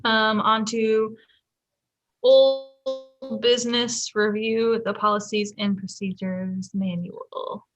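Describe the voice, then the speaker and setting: Slow-spoken woman moving through an agenda. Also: fairly high pitch, flat delivery, faint music behind, poor audio. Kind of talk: casual meeting talk.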